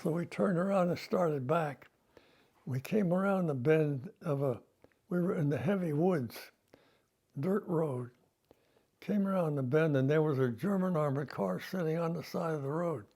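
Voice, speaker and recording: An older retired army veteran man recalling his service in a plain-spoken, halting way, with fillers and self-corrections. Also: on the high side, dark tone. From United States. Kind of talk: oral history recollection.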